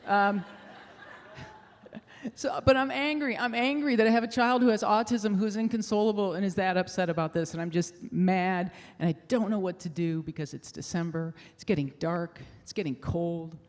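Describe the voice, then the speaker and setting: A woman's voice: medium pitch, normal speed, big-room sound. A middle-aged woman telling a candid personal story on stage, self-deprecating, with laughing asides. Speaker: speaker at a fundraiser showcase. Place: theater stage.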